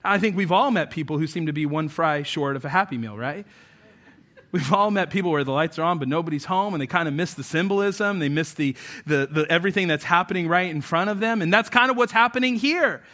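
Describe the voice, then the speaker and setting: Bright, high-voiced male pastor preaching. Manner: casual and joking, acts out everyday scenes; reads scripture aloud slowly. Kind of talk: sermon.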